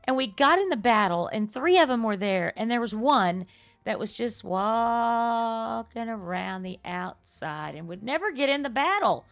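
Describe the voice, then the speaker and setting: A woman's voice: fairly high pitch, lively intonation, unhurried, no echo. An older woman, chatting effusively and laughing often as she streams a game live and thanks her viewers. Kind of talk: live-stream chat while playing.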